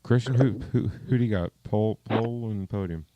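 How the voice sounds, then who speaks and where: A man's voice: fairly low pitch, brisk, muffled recording, background noise. A man hosting a podcast in casual chat, rambling and self-deprecating, often repeating words. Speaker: podcast host.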